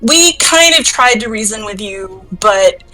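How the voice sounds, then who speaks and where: A woman's voice: fairly high pitch, expressive, a little slow, sharp tone, faint music behind, low-quality recording. A woman voicing a blunt young woman adventurer in a tabletop game, talking casually.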